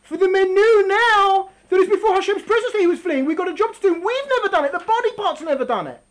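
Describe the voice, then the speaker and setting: A woman gives an animated religious talk and acts out the characters as she tells the story. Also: very high-pitched, quick pace, low-quality recording. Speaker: religious teacher.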